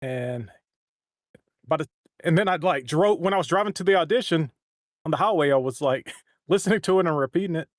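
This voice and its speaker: A man's voice: fairly high pitch, animated, brisk, pauses often, no room sound, studio quality. A man chatting casually on a livestream, rambling and restarting his sentences often. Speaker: voice actor and stream co-host. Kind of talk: casual chat.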